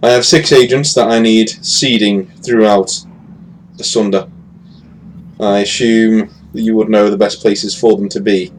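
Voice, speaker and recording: A man's voice: lowish voice, steady tone, measured pace, natural voice, low-quality recording. A man voicing a weary, blunt military commander who talks business in a matter-of-fact way, with faint background noise. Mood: businesslike.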